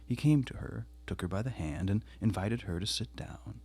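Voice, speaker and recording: Male audiobook narrator; husky, low, measured classic-novel reading. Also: mellow. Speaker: audiobook reader.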